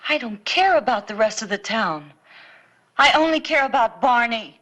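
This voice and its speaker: A bright-voiced, defiant frontier sister pleading for her brother, 1950s TV western. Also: a little high, lively intonation, moderate pace. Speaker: sister of a dying outlaw.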